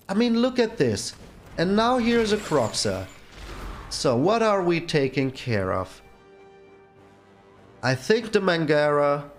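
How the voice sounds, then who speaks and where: A man hosting his own gaming channel, giving casual gameplay commentary and exclaiming in exasperation at his bad luck. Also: a little high.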